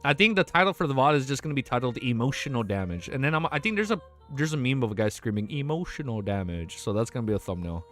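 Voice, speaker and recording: A man's voice: mid-range voice, very animated, very fast, a bit bright, soft background music. A young man streaming, reading a novel aloud and breaking off to react emotionally, casual and swearing.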